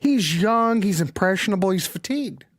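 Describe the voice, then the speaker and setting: A man hosting a casual livestream chat over a video call, excitable and teasing, swearing freely as he jokes with his guests. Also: high voice, moderate pace, a crowd in the background. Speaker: show host.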